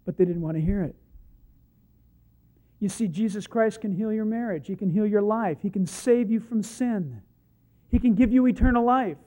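A male preacher giving a sermon, emphatic, swinging from hushed asides to loud points and acting out the scripture stories he tells. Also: high-pitched, normal speed, long pauses. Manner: acts out the Bible quotes he tells. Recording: muffled lo-fi recording.

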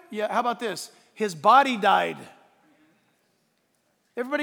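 A man preaches a sermon in an unusually high voice that rings out with long hall reverb. He swings from hushed asides to shouted points and laughs at his own lines, working a live church room. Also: lively intonation, moderate pace, gravelly, pauses often. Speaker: pastor. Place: church sanctuary.

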